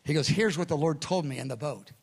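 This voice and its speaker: Creaky-voiced man preaching, telling a story. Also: fairly high pitch, brisk. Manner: animated storyteller acting out voices, shifting from hushed to loud. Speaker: pastor. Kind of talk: sermon storytelling.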